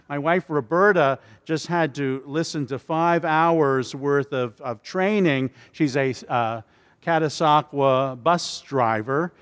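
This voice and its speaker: Slow-speaking male preacher in a reverberant hall. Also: fairly high pitch, a bit bright. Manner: halting, with repeated words and restarts. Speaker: pastor. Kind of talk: sermon.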